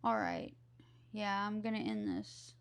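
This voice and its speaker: A woman's voice: mid-range voice, wildly swooping pitch, a little slow, clear, resonant tone. A woman with a Southern US accent, chatting casually with her live stream viewers and answering their questions aloud.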